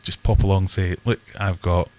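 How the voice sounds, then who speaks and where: A man's voice: deep voice, fairly even intonation, a little fast, warm tone. A man hosting a casual livestream, chatting in a rambling, self-deprecating way and answering viewer questions. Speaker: livestream host. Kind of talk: casual live chat. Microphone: desk webcam setup.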